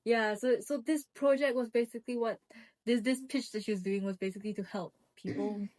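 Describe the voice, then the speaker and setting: A young woman co-hosting a casual book review chat, rambling and excitable with frequent restarts. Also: a little high, brisk. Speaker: book podcast co-host.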